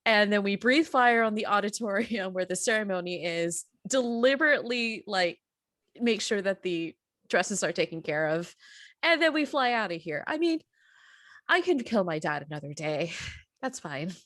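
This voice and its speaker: A woman's voice: mid-range voice, animated, normal speed, fairly bright tone, dry recording. A woman player in a tabletop role-play game, laying out her character's plans and laughing between phrases. Her voice sits mid-range and is recorded dry and close.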